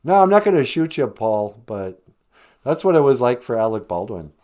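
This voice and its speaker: A man's voice: medium pitch, big pitch swings, normal speed, darkish tone. A man hosting a live-stream comedy podcast, rambling sarcastically with lots of fillers. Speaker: podcast host.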